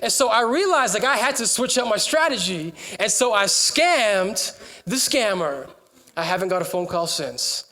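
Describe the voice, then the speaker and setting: A young adult man, a pastor, preaching a sermon to his church in a conversational, jokey way, now and then shouting out to the congregation. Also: high-pitched, fairly quick, few pauses.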